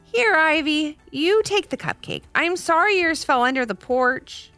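A woman voicing a young boy in a children's storybook reading, with a high, boyish delivery. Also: expressive, measured pace, bright, forceful tone, no echo, soft background music, exaggerated voice. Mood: kind. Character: young boy, reluctant then kind.

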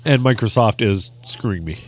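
A man's voice: lowish voice, normal speed. A man co-hosting a podcast, chatting casually and tossing in wisecracks. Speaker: podcast co-host. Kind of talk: casual chat.

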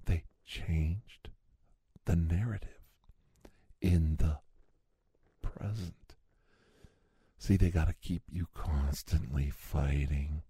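A man's voice: extremely low pitch, steady tone, takes it slowly, long pauses, mellow, breathy edge, no room sound, studio quality. A man in a rambling conspiracy-style comic monologue who keeps saying "see?" and drops into sudden whispers.

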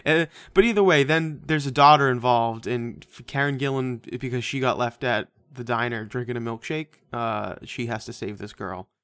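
A man's voice: mid-range voice, normal speed, hardly any pauses, a bit bright, no echo. A man co-hosting a casual movie-review podcast, profane and sarcastic, laughing often as he talks. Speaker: podcast co-host.

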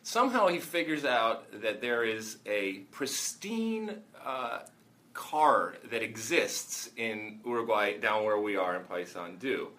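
A former soccer player telling a story in casual chat, halting with fillers and restarts. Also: male voice, lowish voice, big pitch swings, bright, forceful tone. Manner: rambling, halting anecdotes with many fillers and restarts.

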